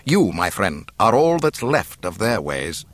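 A man's voice: fairly low pitch, very animated, measured pace. A man reading aloud and voicing an imperious military commander, clipped and commanding.

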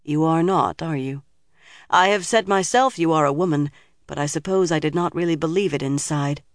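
A man's voice: on the high side, moderate pace, dry recording, clean studio sound, natural voice. A man voicing a proud, argumentative young woman in an audiobook reading. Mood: softening.

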